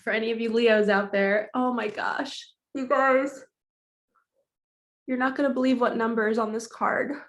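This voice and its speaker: A woman's voice: fairly high pitch, steady tone, normal speed, fairly bright tone. A woman hosting a casual spiritual card-reading vlog, emotional and tearful, talking straight to her viewers in a chatty, heartfelt way. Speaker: spiritual coach and host.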